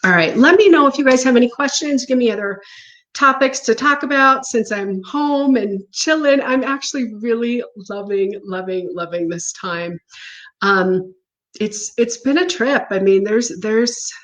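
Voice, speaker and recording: A woman's voice: fairly high pitch, unhurried, a bit bright, low-quality recording. A woman talking to her viewers from home, earnest and encouraging, with a laugh now and then. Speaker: spiritual coach. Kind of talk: casual talk to viewers.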